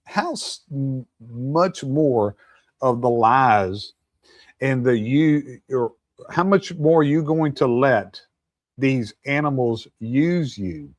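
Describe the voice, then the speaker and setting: A man's voice: medium pitch, expressive, slow, dry recording. A man hosting a show, ranting with profanity and scornful laughs in political commentary. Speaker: host.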